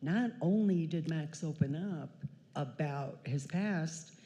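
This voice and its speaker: A chatty woman in her sixties tells a family story on a church stage, lively and quick to laugh. Her voice is warm and mellow. A long reverb hangs in the large hall around her. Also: deep voice. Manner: chatty, animated, laughing, acting out quotes. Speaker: daughter telling family story.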